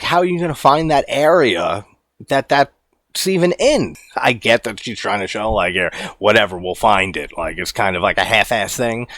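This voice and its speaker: A man giving a casual, animated movie commentary, incredulous and quick to swear and laugh. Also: lowish voice, dry recording. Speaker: horror movie reviewer.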